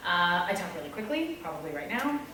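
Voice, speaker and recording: A woman's voice: on the low side, very animated, brisk, pushed and bright, a little hiss or hum. A woman teacher with a Canadian English accent reflects on her own teaching practice in a candid, self-deprecating way, acting out little asides. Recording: echoey room, speaker far from mic, faint ambience.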